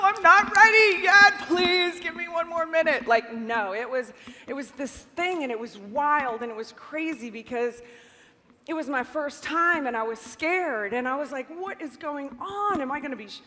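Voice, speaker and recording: A woman's voice: on the high side, fairly bright tone. A woman in her forties telling a personal story to a live audience, earnest and laughing often, with many "like" fillers. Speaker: speaker at a live event. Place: large event hall with audience. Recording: reverberant hall from a live talk.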